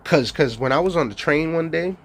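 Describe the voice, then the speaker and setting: A man's voice: on the high side, fairly quick. Profane man laughing through a rant. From New York. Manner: boastful, profane, laughs often between lines. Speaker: streamer. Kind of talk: rambling monologue.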